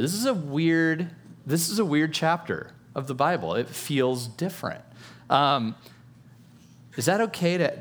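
A man preaching a sermon in a playful, conversational way, with self-aware jokes and asides to the listeners. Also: on the high side. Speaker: pastor.

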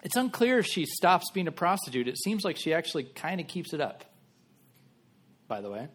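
A man's voice: on the high side, sing-song, moderate pace. A man giving a sermon in a casual, conversational style, acting out biblical characters in everyday voices. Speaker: pastor.

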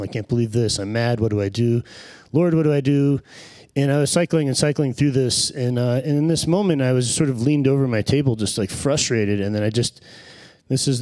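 A man's voice: mid-range voice, darkish tone, no room sound. Earnest man telling a personal testimony. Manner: earnest, reflective, searching for words. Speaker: speaker sharing a personal testimony. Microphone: handheld microphone.

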